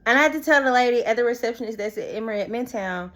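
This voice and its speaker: A young woman telling a personal story to her viewers in a casual, expressive vlog style. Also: a little high, rapid-fire. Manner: expressive, talks straight to viewers as "y'all". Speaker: vlogger.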